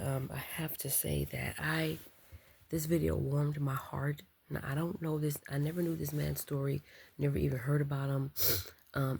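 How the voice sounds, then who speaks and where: Woman vlogger, quiet night talk, very breathy with a gravelly fry, soft and thoughtful. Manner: speaking softly and low to keep quiet; reflective, with many ums and likes. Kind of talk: casual late-night vlog.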